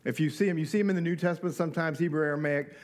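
A man's voice: a little high, very fast. A middle-aged man preaching a sermon in a conversational way, with rhetorical questions and joking asides. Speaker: pastor.

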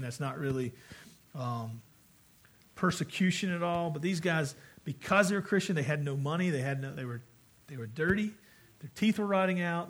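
A man's voice: a little high, a bit bright. A man preaching a sermon as pastor, earnest and conversational, with frequent restarts.

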